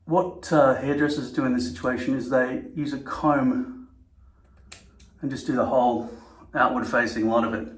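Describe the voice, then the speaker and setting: A man's voice: mid-range voice, steady tone, normal speed, long pauses. A man talking casually to camera, rambling, swearing and correcting himself mid-sentence. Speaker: vlogger. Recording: echoey room.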